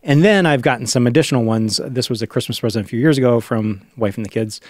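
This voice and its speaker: A man's voice: medium pitch, fast talker, dry recording. Chatty middle-aged man on a dry mic. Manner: chatty, tells anecdotes with asides. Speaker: podcast co-host. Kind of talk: casual chat.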